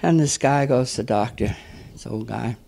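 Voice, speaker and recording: An older man telling a string of jokes as a standup comic, often clearing his throat and laughing at his own punchlines. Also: mid-range voice, moderate pace, darkish tone. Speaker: standup comedian.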